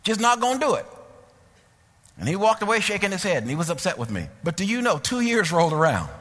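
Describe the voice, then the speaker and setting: A man preaching a sermon through personal stories, animated and repetitive, climbing to near-shouts. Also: high voice, fast talker, in a large hall.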